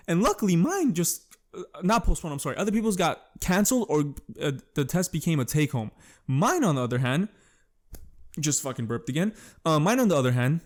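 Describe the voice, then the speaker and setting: Rambling young man telling crude stories. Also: fairly high pitch. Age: young adult. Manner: rambling, crude jokes, frequent fillers and self-corrections. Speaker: podcast host. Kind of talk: casual solo storytelling.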